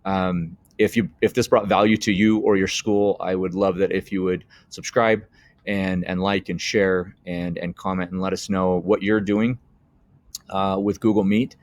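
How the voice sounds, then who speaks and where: Earnest low-voiced man teaching tech. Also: level tone, unhurried, no room sound. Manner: earnest and heartfelt, many restarts and fillers. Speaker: educator running a tech tutorial channel. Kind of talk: screen-share software tutorial.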